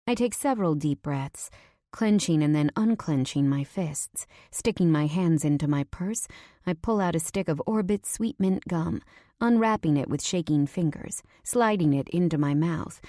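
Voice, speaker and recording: Woman reading a romance audiobook, low dark voice, intimate, slips into breathy whispers, dry close mic. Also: dry recording. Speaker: audiobook narrator. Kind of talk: first-person audiobook narration.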